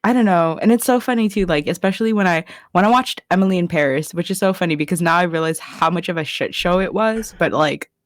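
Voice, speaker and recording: A young woman co-hosting a casual podcast, talking in an animated, giggly way and filling her speech with "like". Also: on the low side, quick pace, hardly any pauses, no echo, clean studio sound. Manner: animated, giggly, heavy use of "like". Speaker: podcast co-host. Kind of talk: casual chat.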